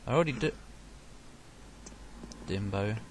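Over loud game audio, a young gaming commentator speaks unhurriedly in a voice on the low side. Sarcastic throughout, he addresses enemies directly, cursing and yelping whenever he takes a hit.

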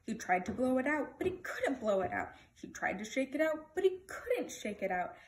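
A woman reading a children's picture book aloud in an expressive, lively storytelling manner. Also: high-pitched, normal speed, poor audio.

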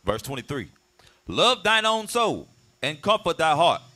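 A man reads verses aloud in a measured way for the class. His voice is bright and lively. It sits somewhat high. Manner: measured reading. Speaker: scripture reader. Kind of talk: reading scripture aloud.

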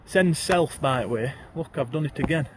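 A man's voice: fairly high pitch, normal speed, noisy background. A man with a broad Yorkshire accent reciting comic rhyming verse, addressing the listener as thee. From Yorkshire, England.

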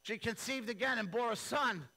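A male pastor preaching a sermon, telling the story in an animated, playful, slangy way. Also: very high-pitched, normal speed, rough recording.

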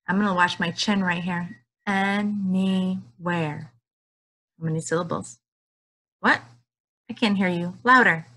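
A woman teaching young children from her couch at home, drawing out words and cheering them on in a sing-song way. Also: on the low side. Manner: slow, drawn-out words with sing-song prompts. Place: living room at home.

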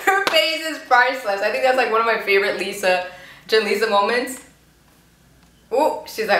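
A woman's voice: medium pitch, animated, normal speed, a bit bright. Chatty young woman in an echoey room. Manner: chatty, giggly, voices the people on screen playfully. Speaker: YouTube reaction host. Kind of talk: casual reaction commentary. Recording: echoey room with faint noise.

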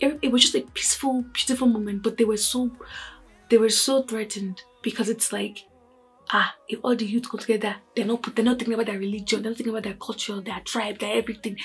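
Husky young woman, exasperated vlogger. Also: fairly high pitch. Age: young adult. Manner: exasperated, sighing, repeats herself. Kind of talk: frustrated opinion vlog.

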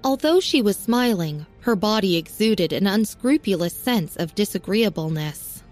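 Woman narrator, steady audiobook reading, medium pitch, faint music underneath. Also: normal speed.

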